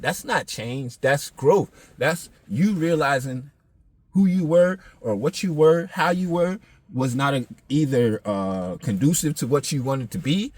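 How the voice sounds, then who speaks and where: A man's voice: mid-range voice, darkish tone, no room sound. A man, talking in a casual, blunt, profane monologue full of street slang. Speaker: podcast host.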